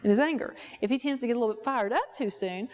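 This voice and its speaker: A woman's voice: a little high, fast, a little mellow. A woman therapist teaching a workshop, explaining through a client example and putting rhetorical questions to the audience. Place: workshop room at a ranch.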